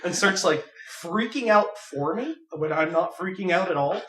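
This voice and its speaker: A young man casually telling a funny story on a podcast, animated and laughing as he goes. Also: sits high, normal speed. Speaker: podcast co-host. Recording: echoey room, far from mic.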